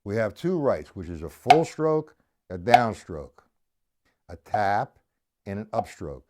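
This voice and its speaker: Middle-aged man, lowish voice, live drum teacher, loose, self-correcting and apologetic. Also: very animated, very noisy. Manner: apologetic, rambling, full of restarts; counts and explains stickings slowly. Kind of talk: live-streamed drum lesson.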